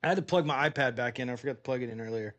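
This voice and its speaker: Over faint music, a male gaming streamer talks in rapid-fire bursts with a medium, slightly bright voice. He rambles, curses freely, and mutters to himself about what to build next.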